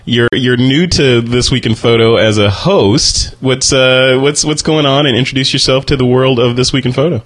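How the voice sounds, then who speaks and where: A man hosting a relaxed panel podcast, his voice sitting in a middling register. He talks quickly and chattily, repeating a word or two whenever he launches into a question. The tone is easy and conversational throughout. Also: mid-range voice. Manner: quick, chatty, repeats words when starting sentences. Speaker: podcast host. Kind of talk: casual panel podcast chat.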